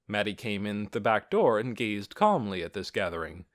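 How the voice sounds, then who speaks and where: A man reading a children's storybook aloud in an expressive, animated way. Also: lowish voice, moderate pace, hardly any pauses. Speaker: audiobook narrator. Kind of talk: scripted storybook narration.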